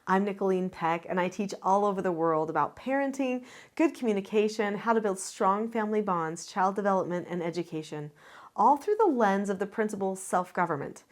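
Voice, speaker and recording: Brief: older woman parenting teacher, earnest, demonstrative, mid pitch. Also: expressive, brisk. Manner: earnest, demonstrative, acts out voices as examples. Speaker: parenting educator. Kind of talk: direct-to-camera teaching.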